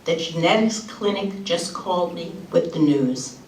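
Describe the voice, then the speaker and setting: A woman's voice: lowish voice, unhurried, a little hiss or hum, close to an everyday voice. A woman voicing her tearful young adult daughter, who keeps repeating herself in relief. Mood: relieved. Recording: roomy, distant, faint ambience.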